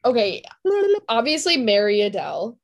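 A woman co-hosting a podcast who teases her co-host with quick, laughing remarks. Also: mid-range voice, very animated, creaky, a little hiss or hum. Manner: teasing, quick-witted, laughing. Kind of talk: casual chat.

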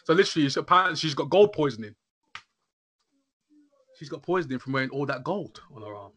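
A man, chatting casually about a TV episode, animated and quick to laugh. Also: fairly high pitch. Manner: animated, laughs often, says "literally" a lot. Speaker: podcast host reviewing a horror episode. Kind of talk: casual chat.

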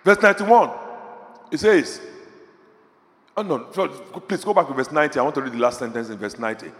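A man preaching a sermon fervently, dropping to quiet murmurs and rising to shouts. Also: on the high side, fairly quick, long pauses. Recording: long hall reverb.

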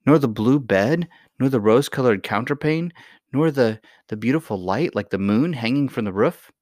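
A man's voice: medium pitch, lively intonation, normal speed, a little mellow, no echo, studio quality, pitched above the performer's own voice, natural voice. A man reading a storybook, voicing a young princess, a little girl who talks in an eager, pleading way.

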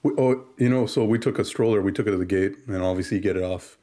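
A man in casual chat, telling an animated story and acting out the exchanges he quotes. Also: fairly low pitch, fast.

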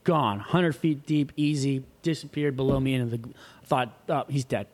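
A man's voice: medium pitch, normal speed. A man who surfs, telling a wild story in casual chat, acting out the voices of the people in it and swearing freely. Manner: animated, acts out quoted voices, swears freely. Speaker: guest.

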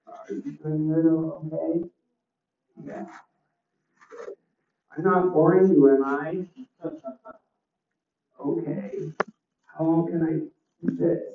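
A man doing a deadpan stand-up set with one-liners and crowd chat, his voice a little crackly, on a small club stage. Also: on the high side, slow, gravelly, long pauses. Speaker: stand-up comedian. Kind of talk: open mic stand-up set. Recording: roomy, distant, dull club recording.

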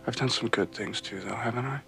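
A man's voice: medium pitch, brisk, creaky, lightly acted. An actor playing an earnest adult man in a film drama, heard in a clip with music underneath. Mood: reflective. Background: film score.

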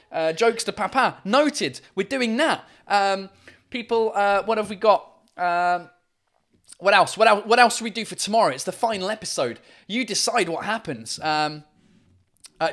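A livestream host with a high-pitched, fairly bright voice chats casually from home. He reads viewer comments in a rambling style, heavy on fillers and profanity.

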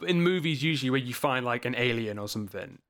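A man's voice: mid-range voice, animated, quick pace, fairly bright tone. A man in casual podcast chat, rambling through a film plot, laughing and acting out lines. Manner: rambling, laughs often, acts out lines in silly voices. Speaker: podcast co-host.

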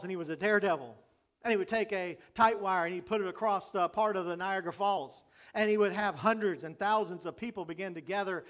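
A man pastor preaching a sermon in a conversational way, asking the congregation questions and joking along the way. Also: high-pitched.

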